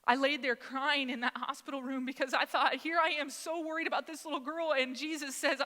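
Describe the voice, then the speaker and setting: A woman in her thirties preaching a storytelling sermon in a church, acting out the conversations in a chatty, animated way. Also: high-pitched, fairly quick, few pauses. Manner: animated, acts out dialogue, conversational with many "like"s. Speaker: speaker at church service. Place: church sanctuary. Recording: long reverb of a church hall.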